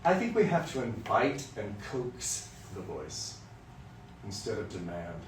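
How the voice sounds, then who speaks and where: A man's voice: lowish voice, very animated, measured pace, background noise. Joking, candid male voice teacher lecturing. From Western Kansas. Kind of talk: lecture to music students. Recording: roomy sound from a distant mic.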